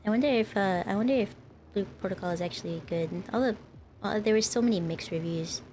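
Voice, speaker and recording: A woman's voice: mid-range voice, fast, dark tone, a little hiss or hum. A woman streamer in casual live-stream chat, rambling and talking to her viewers. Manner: rambling, chatty, talks to chat.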